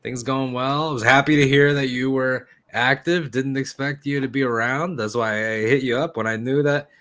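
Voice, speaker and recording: Male player, bright forceful tone, chatty in-character rambling. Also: mid-range voice, fairly even intonation, normal speed. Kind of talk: in-character tabletop role-play.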